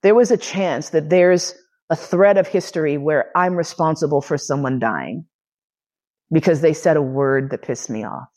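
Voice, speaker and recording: A woman's voice: sits low, normal speed, darkish tone. A woman in her forties giving a personal storytelling lecture, candid, profane and emotionally charged. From United States. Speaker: lecturer and podcast host.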